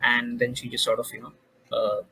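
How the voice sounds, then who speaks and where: A man narrating as game master in a tabletop role-playing game, halting with many fillers and restarts. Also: mid-range voice, little pitch movement, vocal fry, pushed and bright, husky, faint music behind, low-quality recording.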